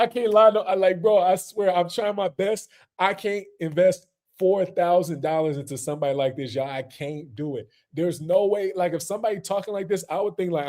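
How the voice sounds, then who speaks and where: A man's voice: high-pitched, darkish tone. A man hosting a casual reaction stream, talking loosely with lots of slang and fillers and laughing often.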